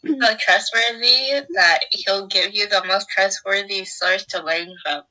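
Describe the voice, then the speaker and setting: A young woman co-hosting a casual podcast, ranting quickly with a sarcastic edge. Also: mid-range voice, bright, forceful tone, poor audio. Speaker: podcast co-host. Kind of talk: casual chat.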